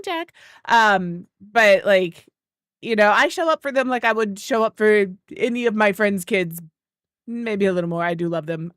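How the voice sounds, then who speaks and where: A woman's voice: medium pitch, no echo, studio quality. A woman streaming a game, chatting casually and rambling through stories while greeting viewers by name. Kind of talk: casual chat with live chat.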